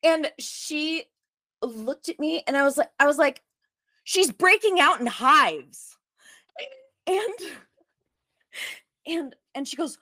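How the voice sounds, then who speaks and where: A woman telling a story in casual chat, fast and lively, full of likes, acting out what others said. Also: high-pitched, dry recording, clean studio sound. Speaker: storyteller guest.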